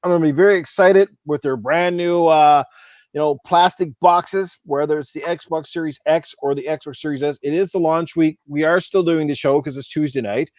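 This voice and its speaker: A man chats and plugs his gaming show, his slightly high voice worn out from talking. The recording is dry and a little dull. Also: normal speed, darkish tone, no echo. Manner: chatty, promotional. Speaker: podcast guest and gaming show host. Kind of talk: casual podcast chat.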